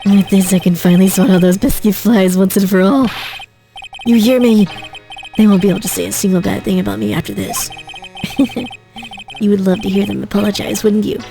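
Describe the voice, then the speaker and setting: A woman's voice: mid-range voice, steady tone, brisk, creaky, warm tone, soft background music, lightly acted, low-quality recording. A woman reading game dialogue aloud, voicing a smug, vengeful adult man in a gloating manner.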